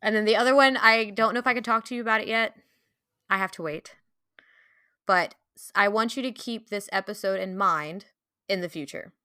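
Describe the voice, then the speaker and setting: Bright-voiced young woman, eager podcast chat. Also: mid-range voice, a little fast, pauses often, smooth, dry recording, clean studio sound. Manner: enthusiastic, laughs often, many fillers. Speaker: podcast co-host.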